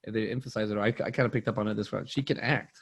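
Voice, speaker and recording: Male podcast co-host, gravelly and dry-miked, loose rambling delivery that slips into quoting lines. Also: on the low side, fairly even intonation, racing, no echo. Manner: rambling, restarts, laughs, acts out quotes. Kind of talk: casual movie chat.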